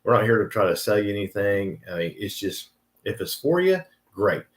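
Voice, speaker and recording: A man's voice: on the low side, sing-song, moderate pace, echoey room. An older man co-hosting a casual live stream, telling his story with many restarts and fillers.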